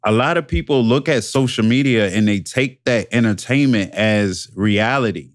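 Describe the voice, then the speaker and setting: Podcast co-host, male, drawn-out and repetitive, dry close headset sound. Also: medium pitch, dry recording. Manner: drawn-out, repetitive phrasing with many restarts. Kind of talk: casual podcast chat. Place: home podcast setup, webcam. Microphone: headset microphone.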